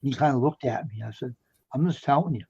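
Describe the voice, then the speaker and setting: A man's voice: medium pitch, fast, a little mellow, breathy edge, no echo, highs cut off. A man telling casual anecdotes on a stream, laughing easily as he talks. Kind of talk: casual chat.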